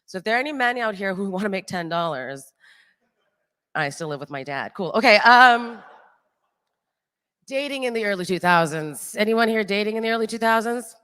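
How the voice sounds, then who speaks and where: A woman in her late thirties doing a live stand-up set on stage, chatty and animated, laughing at her own jokes. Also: mid-range voice, normal speed, pauses often, clear, resonant tone, big-room sound. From Toronto, Canada. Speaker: stand-up comedian. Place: stage in a large hall with an audience.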